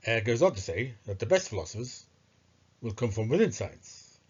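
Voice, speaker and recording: A man's voice: medium pitch, big pitch swings, moderate pace, a little mellow, husky. A man giving discursive, scornful commentary on philosophy, thinking aloud with hesitations. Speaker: philosophy video narrator. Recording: muffled lo-fi recording.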